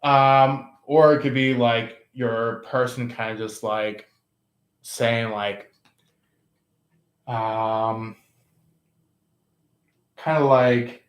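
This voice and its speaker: A man giving a casual tarot reading, rambling and halting with many fillers. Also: medium pitch, fairly even intonation. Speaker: tarot reader. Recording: roomy echo.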